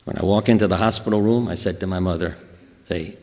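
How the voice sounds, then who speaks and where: An older American man giving a talk to an audience, telling stories in an animated, anecdotal way. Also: low voice, fast talker. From USA. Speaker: guest speaker. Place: hospital auditorium. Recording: echoey hall reverb.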